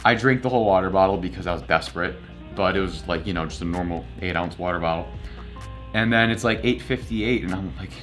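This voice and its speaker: Young male vlogger, lowish voice, animated storyteller, faint music bed. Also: fairly quick. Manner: animated, acts out both sides of conversations. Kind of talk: casual storytelling vlog.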